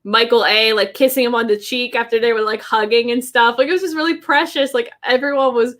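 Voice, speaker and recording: A woman's voice: a little high, fairly even intonation, brisk, a bit bright. A woman co-hosting a podcast in casual chat, laughing often and gushing with lots of "like.". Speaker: podcast co-host.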